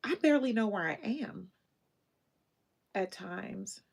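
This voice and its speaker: Breathy lady doing a live chat, super emotional and encouraging, voice jumps all over. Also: mid-range voice, animated, takes it slowly, a little mellow. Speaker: livestream host. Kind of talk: casual livestream chat with viewers.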